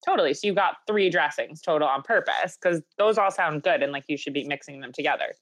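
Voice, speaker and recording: A woman co-hosting a podcast, chatting casually and trading deadpan, sarcastic jokes. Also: low-pitched, quick pace, no room sound. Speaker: podcast co-host. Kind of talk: casual comedic chat.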